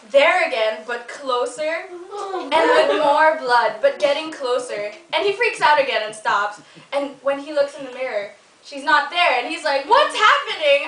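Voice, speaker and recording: A young Filipina with a high, slightly bright voice tells a ghost story in a casual, chatty, giggly way, full of "like"s and restarts. The mic sits at a distance in an echoey room, with faint noise.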